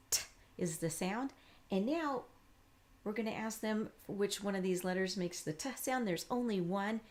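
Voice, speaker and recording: A woman reading teacher giving a patient, encouraging lesson, slowly modeling letter sounds and explaining each step. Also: lowish voice. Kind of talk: instructional demonstration.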